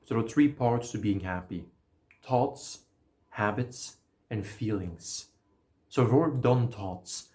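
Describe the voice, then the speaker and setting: A man giving a casual, energetic motivational talk, explaining ideas and swearing now and then. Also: lowish voice, unhurried. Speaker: self-help video creator.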